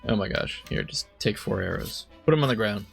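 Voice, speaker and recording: A man's voice: lowish voice, lively intonation, fairly quick, vocal fry, faint music behind. A man casually commenting while playing a game, rambling and correcting himself as he thinks aloud. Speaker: let's play host.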